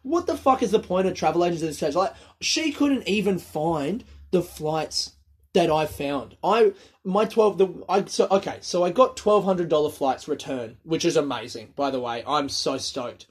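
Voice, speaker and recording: A young man with a slightly higher voice talks in a loose, rambling monologue. He swears freely and goes off on tangents like a comedian unloading stories between gigs. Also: normal speed, husky. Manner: rambling, profane, animated storytelling. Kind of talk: casual monologue.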